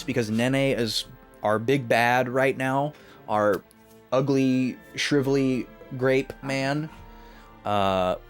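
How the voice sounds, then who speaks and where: A man streaming a video game, casually recapping last week's progress with many filler sounds and restarts. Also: medium pitch. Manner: rambling with many filler uhs. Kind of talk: casual let's-play recap.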